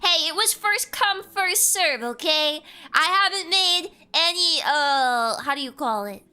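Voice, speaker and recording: A woman's voice: very high voice, a little slow. A young woman streamer from the American South, chatting casually and teasing her viewers as she reads their messages aloud. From Southern United States. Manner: playful, teasing, animated. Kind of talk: casual livestream chat, reading chat aloud.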